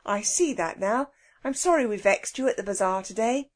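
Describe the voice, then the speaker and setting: A woman reading a children's storybook, voicing a quick-witted schoolboy with a hearty manner. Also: fairly high pitch, animated. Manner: hushed, hearty.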